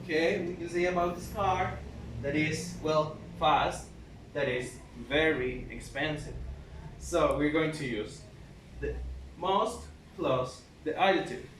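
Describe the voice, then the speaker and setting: Slow high-voiced man teaching a lesson. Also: a bit bright. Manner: slow, repetitive, explains step by step. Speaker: English teacher. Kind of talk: grammar lesson. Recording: roomy, from far off, faint noise.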